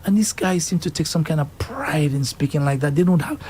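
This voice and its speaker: A man's voice: fairly high pitch, expressive, fairly quick, darkish tone, slight background noise. A man hosting a talk radio show, speaking, emphatic and indignant as he reads out and comments on news.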